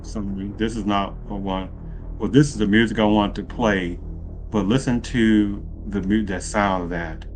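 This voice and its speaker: A man's voice: lowish voice, fairly even intonation, measured pace, over music. A man giving opinionated political commentary in a rambling way, asking rhetorical questions and often correcting himself. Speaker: video commentator.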